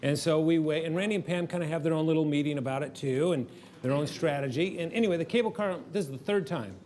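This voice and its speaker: Guy counselor telling a story, laughs a lot, kinda high voice, faint hiss. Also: quick pace, darkish tone. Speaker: marriage counselor and co-host. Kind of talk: storytelling teaching session.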